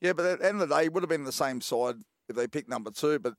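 A man on a sports radio panel, blunt and quick. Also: a little high, no room sound, clean studio sound. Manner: quick, blunt, says mate. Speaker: radio panelist, ex rugby league player. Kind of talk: casual sports radio chat.

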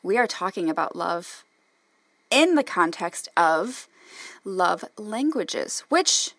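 A woman's voice: on the low side, very animated, slow, vocal fry, a bit bright, no room sound, studio quality. A woman from Wisconsin with a Wisconsin accent, co-hosting a podcast in casual chat, swearing freely and laughing often. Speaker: podcast co-host, counselor.

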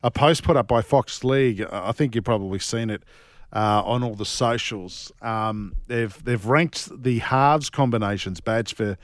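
An Australian man co-hosts a sports radio show with a mid-pitched voice. He jokes and teases his co-host while reading out the text number. The sound is dry and close, with no room echo. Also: measured pace. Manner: jokey, teasing, upbeat plugs. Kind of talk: casual radio banter.

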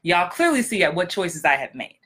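Blunt, bright-voiced woman coach. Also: lowish voice, sing-song, brisk. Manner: direct and blunt; emphatic, repetitive punchlines. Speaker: acting coach and podcast host. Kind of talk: casual podcast monologue.

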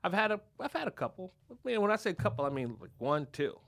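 He's a podcast host from Philadelphia whose high-sitting voice moves at a quick pace with vocal fry. Casual and profane, he tells a lively story and performs the people in it.

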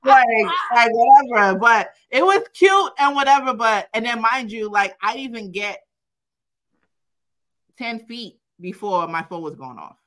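A young adult woman co-hosting a podcast, telling a personal story in casual chat, profane and animated, quoting herself and laughing often. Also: fairly high pitch, measured pace. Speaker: podcast co-host.

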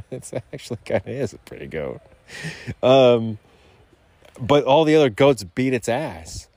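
A man's voice: medium pitch, sing-song, unhurried, a little mellow, dry recording. A man hosting a podcast outdoors, rambling in loose, profane, digressive casual chat. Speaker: podcast host. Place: outdoors on a rural lot.

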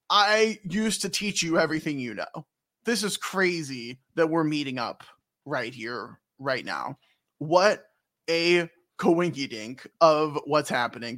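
A man doing an excitable old scholar who gushes in a fussy way. The voice is bright and swings with animated pitch. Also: unhurried. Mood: gushing. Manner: gushing, then hushed and secretive.

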